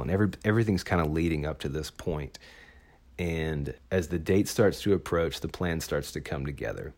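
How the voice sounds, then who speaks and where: Guy with a super deep voice rambling through an old story, all hyped up and chatty. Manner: enthusiastic, chatty, full of "like" and "awesome". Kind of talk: casual personal storytelling.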